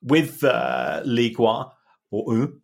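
A man co-hosting a podcast, calmly explaining the money side of football in an analytical way. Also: mid-range voice, takes it slowly, creaky. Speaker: football finance co-host.

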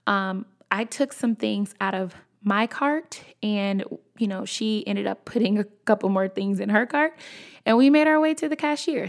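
A woman's voice: medium pitch, creaky. A young woman telling a personal story in a chatty, casual way, talking straight to her viewers. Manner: chatty, addresses viewers as y'all. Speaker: storyteller vlogger.

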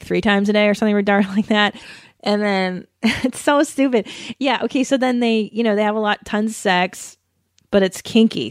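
Recorded in clean studio sound with no echo, this mid-range female voice belongs to a Los Angeles-area podcast host from the USA. On her casual solo show she reads aloud in a giggly, self-conscious, mock-dramatic way.

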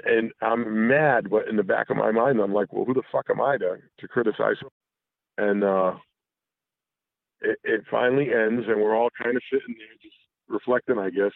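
A low-voiced man tells a long personal story over a tinny, phone-like line. His voice is gravelly and dry, and he keeps stopping and restarting, swearing freely as he goes. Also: no room sound. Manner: halting, full of restarts and profanity. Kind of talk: casual confessional storytelling.

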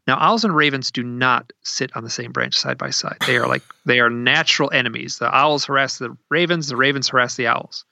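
A man telling a story in a conversational way, animated and acting out what people said, recorded at his desk. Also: mid-range voice, a little fast, creaky, few pauses, no room sound. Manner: animated, acts out quoted speech in a raised voice.

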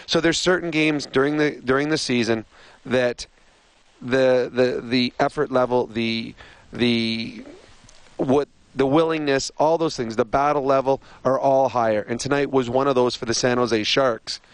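A man analysing hockey on a sports radio show, measured and explanatory, on a studio microphone. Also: mid-range voice, fairly even intonation, clean tone, dry recording, rough recording.

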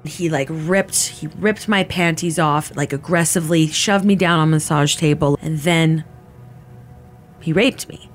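A woman in her thirties giving a candid personal account in halting, casual speech full of "like" fillers and restarts. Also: sits low, steady tone, faint music behind. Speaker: interviewee recounting her experience.

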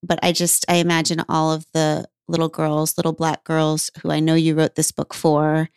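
A woman's voice: deep voice, monotone, moderate pace, darkish tone, smooth, dry recording, clean studio sound. A woman co-hosting a podcast, speaking earnestly and emphatically to her guest. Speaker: podcast co-host. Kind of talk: heartfelt podcast conversation.

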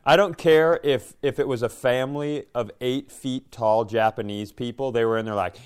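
Middle-aged man, podcast co-host, smooth clear voice, loose rambling storytelling, casual chat. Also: mid-range voice, a little slow. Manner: rambling storyteller, animated, swearing.

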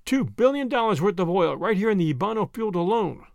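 A man's voice: high voice, very animated, fairly quick, creaky, dry recording, clean studio sound, exaggerated voice. A man voicing a grim, urgent rescuer in a storybook reading.

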